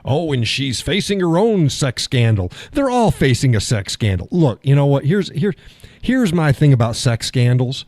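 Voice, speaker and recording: Older male stream host, folksy and wry, mellow tone, dead-dry close sound. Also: mid-range voice, sing-song, normal speed, dry recording. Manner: folksy, sardonic, chuckling often. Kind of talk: casual political chat.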